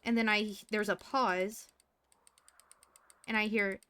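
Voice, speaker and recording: A woman's voice: medium pitch, fairly even intonation, slow, noisy background. A woman streamer playing a doctor in roleplay, telling a story in character and acting out radio calls and quotes with feeling.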